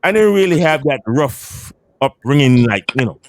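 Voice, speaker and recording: A man from Antigua with a West Indian accent, telling animated stories in a casual podcast chat and often repeating himself. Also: mid-range voice, normal speed, no room sound. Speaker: podcast panel guest.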